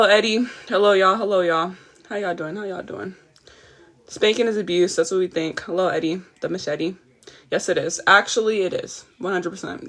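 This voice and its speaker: A woman's voice: medium pitch, fairly bright tone. Woman, livestream host, heated rant, a little tired, repeats points, greets chat. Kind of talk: casual ranting livestream.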